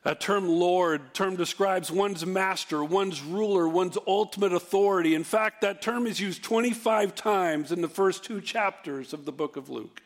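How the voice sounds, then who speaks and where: A man preaching a sermon, animated, rising to emphatic near-shouts and dropping low and soft for contrast. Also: unhurried, few pauses. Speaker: pastor.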